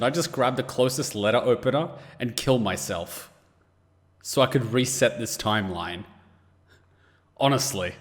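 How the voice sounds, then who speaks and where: A man hosting a casual anime reaction, exasperated and quick to swear. His pitch swings widely as he fires off rhetorical questions, and his voice rings with a long reverb.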